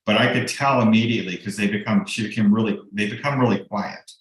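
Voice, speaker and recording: Middle-aged guy coaching his team on a video call, kinda low voice, lots of ums, sounds like a big echoey room. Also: steady tone, fast. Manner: casual and explanatory, with frequent ums and restarts. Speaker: real estate broker and coach. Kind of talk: team training presentation.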